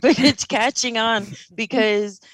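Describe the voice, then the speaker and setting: A woman's voice: on the high side, fairly even intonation, slow, dry recording, low-quality recording. A woman co-hosting a podcast, telling stories in casual chat with swearing and laughter. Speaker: podcast co-host.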